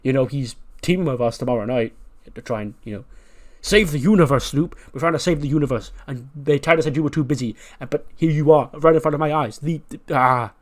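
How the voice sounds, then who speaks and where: A man voicing a flustered young male wrestler, talking high and stammering. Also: brisk, close to an everyday voice.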